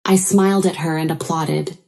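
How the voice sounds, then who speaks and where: A woman's voice: low voice, steady tone, moderate pace, vocal fry, a little mellow. A woman reading a first-person drama story as a scripted narrator.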